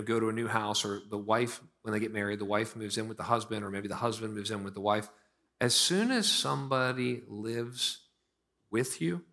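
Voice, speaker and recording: Preaching as pastor, a man in his thirties from Pittsburgh speaks at a medium pitch, alternating forceful, loud outbursts with slower, hushed passages.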